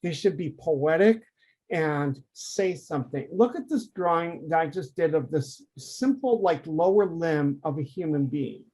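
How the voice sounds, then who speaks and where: A man who teaches anatomy for artists, talking through a drawing demonstration on a video call, lively and emphatic. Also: a little high, measured pace, husky. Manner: animated, conversational, emphatic teaching. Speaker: anatomy art professor.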